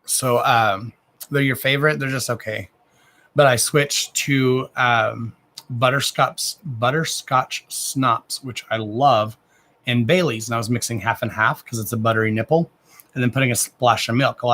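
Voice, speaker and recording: A man's voice: medium pitch, steady tone, normal speed, pushed and bright. A man in his thirties chatting casually on a live stream as a card reader, rambling, with frequent restarts and loose swearing. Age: 30s.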